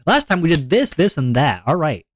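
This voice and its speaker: A man mocking an over-eager, hyped-up streamer greeting his viewers, with high, bubbly enthusiasm. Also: big pitch swings, fairly quick, a little hiss or hum.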